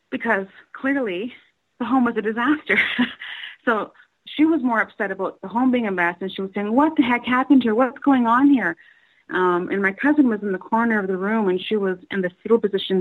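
A woman telling a personal story, halting with many fillers and restarts, raising her voice when quoting others. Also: medium pitch, fairly bright tone, low-quality recording.

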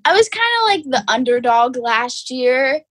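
A woman's voice: high-pitched, animated, moderate pace, breathy edge, no room sound. A teenage girl, answering interview questions in an easygoing way, full of "like" fillers. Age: teens. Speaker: guest, high school wrestler.

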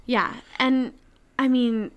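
A woman co-hosting a podcast, speaking in a thoughtful, measured way. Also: fairly high pitch, smooth, lo-fi sound. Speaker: podcast co-host. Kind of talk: casual podcast chat.

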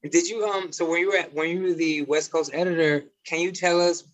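A man's voice: a little high, fairly even intonation, a little fast, low-quality recording. A man interviewing a guest in an easygoing, supportive manner, with some hesitant "um"s. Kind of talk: casual interview.

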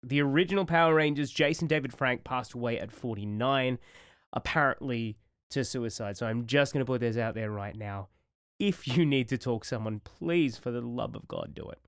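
A man's voice: medium pitch, moderate pace, clear, resonant tone, no room sound, clean studio sound. A man in his thirties co-hosting a podcast, rambling and emotional in casual chat, swearing freely. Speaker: podcast co-host.

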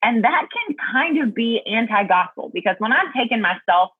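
A woman's voice: fairly high pitch, lively intonation, moderate pace, breathy edge, dry recording, phone-quality sound. A woman guest talking earnestly and thoughtfully about Bible study in a casual faith chat, laughing easily.

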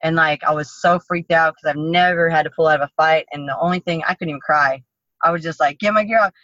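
A woman tells her story bluntly and profanely, with a lot of animation. Her voice is bright and forward. The recording is dry and a little dull. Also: low-pitched, steady tone, fast talker, dry recording. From United States. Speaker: interview guest, MMA fighter. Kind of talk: casual storytelling interview.

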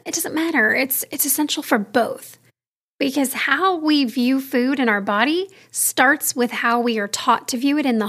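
A woman in her thirties hosting a solo podcast, talking to listeners in a candid, chatty, personal way. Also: sits high. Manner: warm, candid and chatty, talks straight to listeners. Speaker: podcast host.

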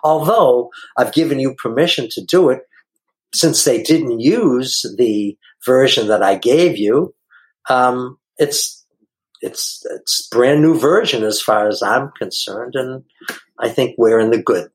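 An older man talks as a guest musician, earnest and effusive in his praise. His voice sits at an ordinary middle pitch. When he tells a story, he acts out the other people's lines in a raised voice. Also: takes it slowly, rough recording. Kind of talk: emotional storytelling in conversation.

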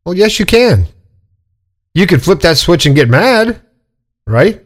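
A man's voice: fairly high pitch, very animated, normal speed, pauses often. Blunt, swearing man giving a pep talk. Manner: blunt, swearing, preachy about positivity. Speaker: podcast host. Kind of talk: casual monologue.

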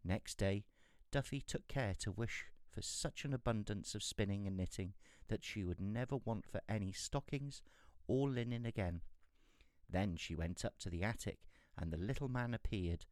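A man narrating a fairy tale in a calm, steady storytelling manner. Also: lowish voice, normal speed, no echo, clean studio sound.

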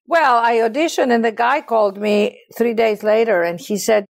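A woman's voice: fairly high pitch, moderate pace, gravelly. A middle-aged woman from Greece with a Greek accent, telling stories passionately in an interview. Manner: passionate, expressive storyteller. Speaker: guest. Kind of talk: storytelling in conversation.

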